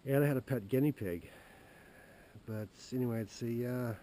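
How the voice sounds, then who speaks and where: A man from Wisconsin, host of a hunting show, telling a casual story outdoors in the woods in a rambling, halting way with many restarts. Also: mid-range voice, warm tone, slight background noise.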